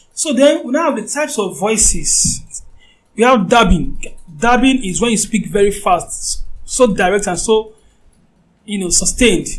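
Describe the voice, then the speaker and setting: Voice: medium pitch, slight background noise, rough recording. A voice acting teacher giving an informal lecture, talking conversationally and often checking that the listener understands.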